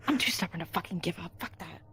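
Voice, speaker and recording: A young adult woman playing her character in a tabletop game, muttering, swearing and breaking into teary shouts. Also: lowish voice, fast talker, vocal fry, a little hiss or hum. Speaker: player. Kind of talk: in-character tabletop role-play.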